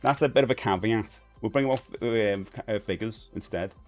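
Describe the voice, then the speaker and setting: A man's voice: lowish voice, normal speed, faint music behind. A man in his forties with a Cockney London accent, hosting a live stream in a casual, rambling chat with lots of fillers and restarts. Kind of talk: casual chat, reading viewer comments.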